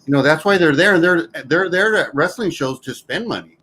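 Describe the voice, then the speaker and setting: A man's voice: fairly high pitch, animated, normal speed, pushed and bright, slightly rough, poor audio. Earnest man explaining wrestling advice. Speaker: wrestling guest. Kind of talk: casual chat.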